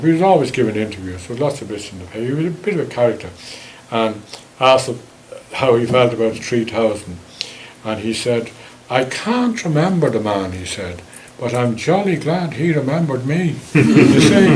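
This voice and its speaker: A man's voice: mid-range voice, a little mellow, a little hiss or hum, low-quality recording. A man with an Irish accent giving a local history talk with slides, telling stories in a chatty, wry way. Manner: anecdotal, chatty, wry asides.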